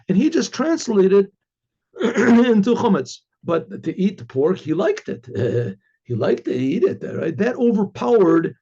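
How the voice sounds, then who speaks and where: A man with a high, husky voice tells a story as a rabbi, acting out the people in it and often clearing his throat and restarting words. His tone is mellow and dark. The recording is dull and lo-fi. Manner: animated retelling with acted quotes, frequent throat-clearing and restarts. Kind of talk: storytelling talk.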